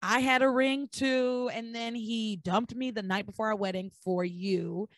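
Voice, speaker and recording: A woman hosting a podcast, recapping episodes in a blunt, animated way with some swearing. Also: fairly high pitch, measured pace, no echo, clean studio sound. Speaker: podcast host. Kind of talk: casual recap chat.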